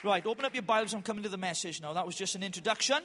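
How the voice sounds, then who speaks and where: A man preaches to a conference with a strikingly high, bright voice. He tells stories with self-mocking humour, bursting loud, then slows for emphatic lines. The sound rings with the long reverb of a big hall. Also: a little hiss or hum. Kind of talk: conference sermon with storytelling. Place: large hall with an audience.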